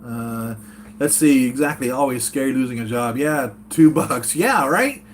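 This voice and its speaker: A man's voice: medium pitch, expressive, measured pace, a little hiss or hum. A man from the United States hosting a casual live-chat vlog from his home, rambling earnestly and reading chat comments aloud. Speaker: toy collector channel host.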